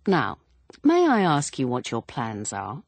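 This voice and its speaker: Calm polite inspector guy, woman reading him, low husky voice, slow. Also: no room sound, heavily acted. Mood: pleasant. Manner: pleasant, noncommittal.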